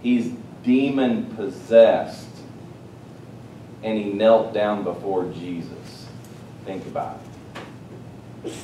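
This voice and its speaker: Guy preaching a sermon, lowish voice, gets loud then goes quiet, echoey room w/ a faint rumble. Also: takes it slowly, pauses often. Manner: animated, swings between loud exclamations and hushed asides. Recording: roomy, distant mic with faint rumble.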